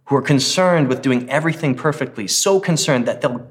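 A man's voice: mid-range voice, brisk. Conversational male pastor preaching. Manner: conversational, with emphatic scripture reading. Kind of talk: sermon.

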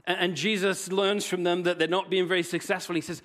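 A man preaching a sermon as pastor, telling the story in an animated way, swinging from loud, excited bursts to hushed near-whispers. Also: high-pitched, a little fast.

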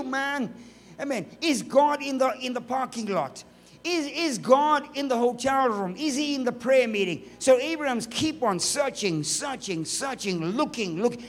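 A man preaching a sermon, emphatic, firing off rhetorical questions and dropping joking asides. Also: very high-pitched.

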